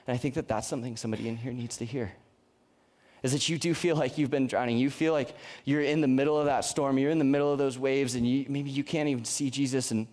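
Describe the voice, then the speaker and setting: A man's voice: medium pitch, steady tone, quick pace, a little mellow. Casting note: a young male youth pastor, earnest and conversational, speaking in a mid-range voice and stumbling over his restarts. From Colorado. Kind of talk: sermon. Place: church youth service.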